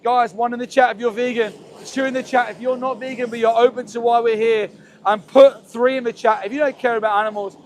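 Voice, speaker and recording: A man's voice: very high-pitched, slight background noise. A man hosting an activist livestream outdoors, speaking in an impassioned, pleading, repetitive way into a handheld phone. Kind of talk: impassioned live street commentary. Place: outdoors near a slaughterhouse.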